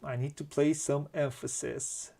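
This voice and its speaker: On his board game channel, a man with a Romanian accent counts pieces and thinks aloud about his moves. His voice is on the high side, creaky and dark in tone, with a level delivery and measured pace.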